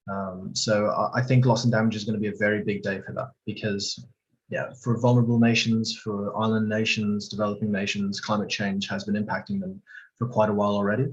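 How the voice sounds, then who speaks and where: A man's voice: on the low side, little pitch movement, a little fast, highs cut off, a little hiss or hum. A man on a video call discussing climate finance in a live online panel, hesitant and hedging with lots of fillers. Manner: hesitant, full of fillers and hedges.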